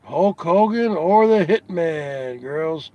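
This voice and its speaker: A man hosting a casual comedy show, asking his audience teasing questions over and over in a drawn-out way. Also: fairly high pitch, expressive, no echo, lo-fi sound. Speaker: host.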